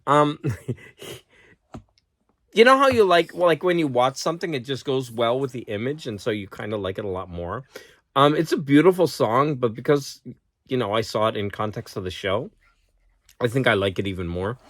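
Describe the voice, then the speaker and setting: A man's voice: medium pitch, lively intonation, brisk, dry recording. Rambling man chatting to camera at home. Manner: rambling, laughs often, talks to his dog. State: has a cold. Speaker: vlogger and teacher. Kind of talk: casual chat to camera. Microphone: camera close-up.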